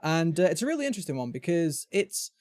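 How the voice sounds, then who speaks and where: A man's voice: on the high side, sing-song, fast talker, a little mellow, no echo, studio quality. A British man hosting a gaming podcast, chatting casually and rambling with frequent restarts. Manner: chatty, rambling, self-interrupting. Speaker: podcast host. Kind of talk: casual chat.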